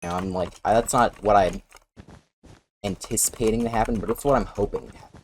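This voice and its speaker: A man's voice: fairly low pitch, brisk, slight background noise. A man casually recounting a personal story in a blunt, profane, sarcastic way.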